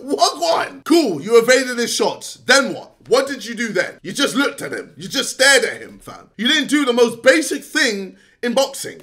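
A man ranting straight to camera in a frustrated, scolding way, sometimes shouting and laughing between points. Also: extremely high pitch, wildly swooping pitch, normal speed, hardly any pauses. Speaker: YouTuber. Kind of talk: direct-to-camera rant.

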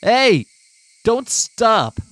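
A man doing a furious teenage boy from a visual novel, raising his voice high and loud as he barks commands. The delivery is harsh and impatient. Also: big pitch swings, drawn-out words, heavily acted. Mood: angry shouting. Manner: shouting commands. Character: angry teenage boy yelling at a friend.

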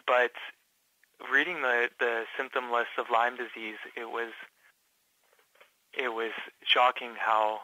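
Hesitant man with a bright, flat voice. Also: medium pitch, no room sound, poor audio. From Canada. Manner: halting, many fillers and restarts. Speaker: patient guest. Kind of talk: casual interview.

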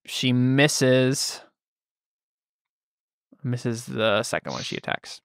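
Casual male GM, mid-pitch, dry close mic, rambling delivery full of "um" and restarts. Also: fairly even intonation, vocal fry, clean tone, no room sound. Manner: loose, halting narration with many fillers and restarts. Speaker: game master. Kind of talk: running a tabletop game, casual.

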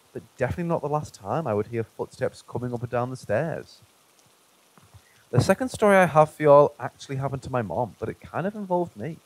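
Man, story narrator, calm, even delivery, mid pitch. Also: poor audio. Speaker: narrator reading viewer stories. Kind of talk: scripted narration.

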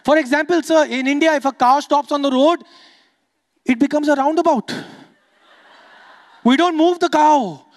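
A young adult man from Dubai works a stand-up crowd in a high, bright voice. He talks quickly and playfully, teasing audience members as he goes. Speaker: stand-up comedian. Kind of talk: stand-up comedy set.

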